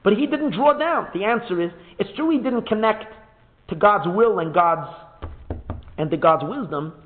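A man giving a Hasidic Torah lecture, animated and repeating words as he searches for them, mixing in Hebrew phrases. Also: high-pitched, moderate pace. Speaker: rabbi teaching a Torah class. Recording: phone-like narrow sound.

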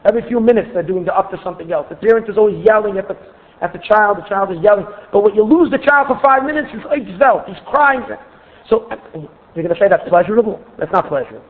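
A man's voice: high voice, quick pace. Earnest man teaching Torah, tinny recording. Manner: earnest, expressive, repeats words when restarting. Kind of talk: spoken Torah class.

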